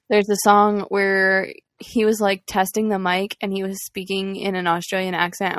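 A woman's voice: mid-range voice, gravelly, fairly bright tone, no echo, clean studio sound. A young woman co-hosting a podcast in casual, giggly chat. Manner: giggly, loose and chatty. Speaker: podcast co-host.

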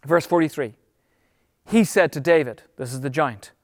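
High-voiced man preaching emphatically. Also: dry recording, studio quality, big-room sound. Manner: emphatic preaching, shifting between slow stress and quick bursts. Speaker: pastor. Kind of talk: sermon.

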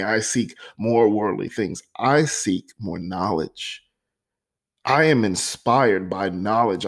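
Young man, low voice, earnest and heartfelt, reading his own poem, halting with ums, emotional. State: emotional, voice catching. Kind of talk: personal poetry reading with reflective talk.

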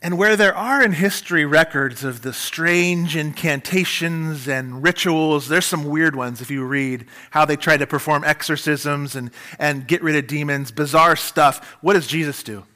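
Male pastor, bright, slightly high voice, animated sermon delivery. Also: normal speed, few pauses. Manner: animated preaching, dramatic shifts in pitch and volume.

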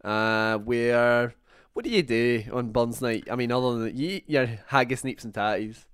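A man's voice: medium pitch, steady tone, moderate pace, a bit bright, clear, resonant tone, no echo. Chatty young Scottish man hosting a podcast. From Scotland. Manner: chatty, laughs often, tells anecdotes with voiced quotes. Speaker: podcast host. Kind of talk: casual chat.

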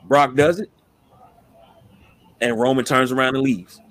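A man co-hosting a casual wrestling chat, animated and slangy, often stammering as he pitches ideas. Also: a little slow, no echo. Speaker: podcast co-host.

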